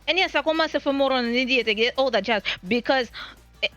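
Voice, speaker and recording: A woman's voice: sits high, quick pace, fairly bright tone, dry recording, dull audio, soft background music. A woman streamer talking in a casual live-stream monologue, rambling and flustered, often stammering and restarting her sentences.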